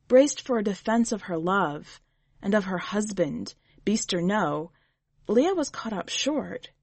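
A woman reading a short story aloud in a measured, unhurried way, as a podcast editor and reader. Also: mid-range voice, animated, darkish tone, no echo. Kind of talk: scripted narration.

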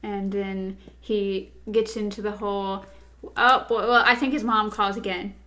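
A woman in casual chat, recapping a show and acting out the characters' lines in quick voices. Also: medium pitch. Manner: animated, acts out quoted lines in quick voices. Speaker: podcast co-host.

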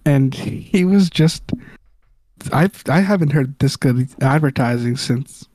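A man's voice: mid-range voice, expressive, slow, a little mellow, dry recording. A young man from Southern California, co-hosting a casual podcast chat and telling stories in a laid-back, wry way. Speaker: podcast co-host.

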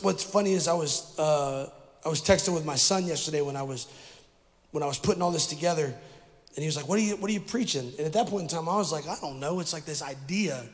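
Man, pastor, middle-aged, high-pitched voice, lively sermon, big echoing church hall. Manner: energetic preaching, calls on the congregation to repeat words. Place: church sanctuary. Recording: long hall reverb from a church.

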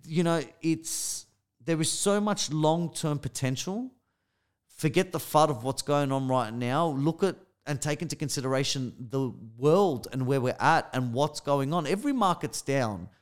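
A man's voice: a little high, a little slow. A man with an Australian accent co-hosting a casual podcast, talking emphatically and often addressing listeners directly. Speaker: podcast co-host.

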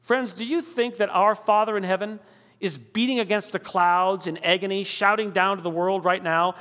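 A man preaching a sermon, asking rhetorical questions one after another and slowing down to stress key words. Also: high voice, fairly bright tone, in a large hall. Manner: dramatic, rhetorical questions, slows for emphasis.

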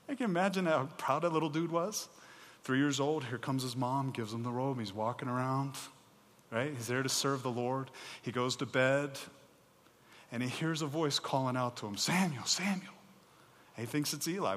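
A man's voice: medium pitch, a little fast. A man preaching a sermon as pastor, emphatic and conversational, speaking plainly to the congregation with casual asides. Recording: long hall reverb.

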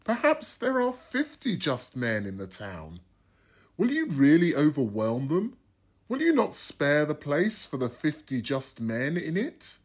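A man's voice: a little high, huge pitch swings, measured pace, pitched above the performer's own voice, full character voice. A man voicing a humble old patriarch who earnestly pleads with rising, imploring questions. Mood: pleading.

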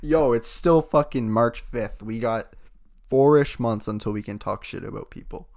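A man's voice: medium pitch, normal speed, vocal fry, a little mellow. A young man in his late teens co-hosting a casual podcast, rambling through stories, laughing often and swearing freely. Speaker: podcast co-host. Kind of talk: casual chat.

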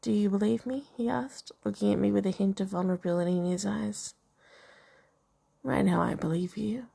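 Brief: woman reading a romance novel aloud, gravelly, dark tone, chatty asides. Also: medium pitch, fairly even intonation, normal speed. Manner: reads dialogue and narration, breaks off to comment and laugh. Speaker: reader of a novel.

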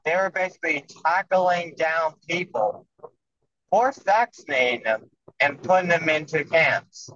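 A man guesting on a casual podcast, telling a story haltingly with fillers. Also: on the high side, lively intonation, sharp tone, a little hiss or hum. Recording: dull lo-fi remote audio.

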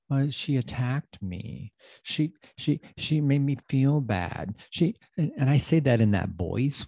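Emphatic repetitive male coach, dark tone. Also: mid-range voice, breathy edge, no echo, studio quality. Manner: emphatic, repeats phrases for effect; casual, loose grammar. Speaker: podcast host and coach. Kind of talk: motivational podcast talk.

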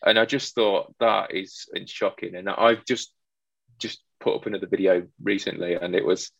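An electrician tells a story from the job in a loose, chatty way, playing both voices of the exchange as he goes. His voice sits low, with a gravelly, husky grain. It comes through a dry, dull, lo-fi recording. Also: normal speed, dry recording. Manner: animated storyteller acting out both sides of a dialogue. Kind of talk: casual chat, telling a work story.

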